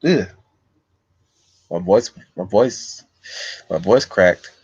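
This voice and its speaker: A low-voiced man rambles casually to his stream, tripping over and repeating his words. The sound is dull and lo-fi, with no room echo. His talk is loose and unscripted. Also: lively intonation, very slow, pauses often, slightly rough.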